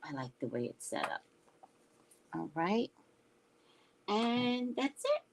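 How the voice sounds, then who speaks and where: A woman's voice: medium pitch, very animated, slow pace, creaky, slight background noise, low-quality recording. A woman psychic reader hosting a casual livestream, chatting in a rambling way and reading out viewer comments.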